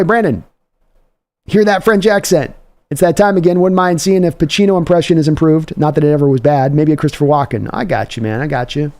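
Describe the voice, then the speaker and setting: A man's voice: a little high, dark tone. A man hosting a live football reaction stream, talking through the game in a loose, conversational way. He breaks in often with fillers as he works through his points, then turns to read viewer comments. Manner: conversational analysis with frequent fillers. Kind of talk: live play-by-play reaction and chat replies.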